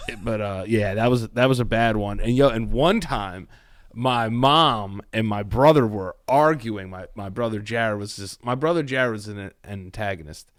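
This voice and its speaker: A man's voice: lowish voice, normal speed, no room sound, studio quality. A young man casually telling wild family stories on a podcast, loose and profane. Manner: loose, profane, lively storyteller. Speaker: podcast co-host. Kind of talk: casual storytelling chat.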